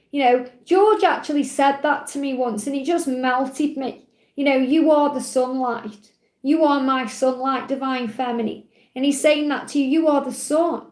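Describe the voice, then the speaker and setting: A woman gently reading oracle card messages aloud in a live walkthrough, affirming each one with soft praise. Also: high-pitched, echoey room. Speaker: tarot and oracle card reader.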